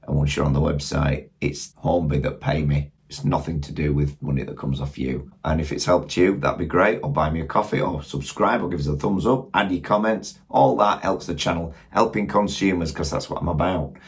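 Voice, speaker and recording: A middle-aged Yorkshire man talks through a casual hobby review in a deep, husky voice. He rambles along, thinking aloud and throwing questions at his viewers. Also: normal speed, hardly any pauses. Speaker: model railway channel host. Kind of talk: casual product review talk.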